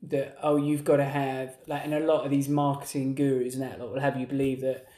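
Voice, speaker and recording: A man's voice: mid-range voice, level tone, fairly quick, warm tone. A man co-hosts a podcast in easy, rambling talk, often restarting his sentences. His voice sits in a middle range and carries a noticeable room echo. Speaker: podcast co-host. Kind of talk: casual chat.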